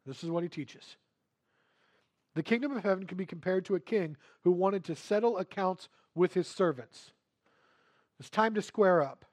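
Soft, hushed storytelling gives way to louder, emphatic preaching and back again as a man delivers his sermon. His voice is strikingly high, and he speaks at a moderate pace.

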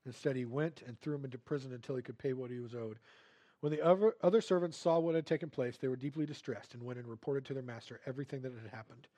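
A man preaching a sermon and retelling a scripture story, swinging between hushed, quiet passages and emphatic, louder ones. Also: mid-range voice, quick pace.

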